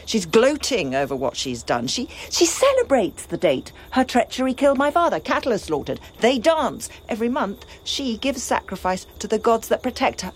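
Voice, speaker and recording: A woman's voice: medium pitch, slightly rough. Electra, a woman playing a bitter grieving princess. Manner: impassioned lament, slow and swinging. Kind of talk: classical stage drama.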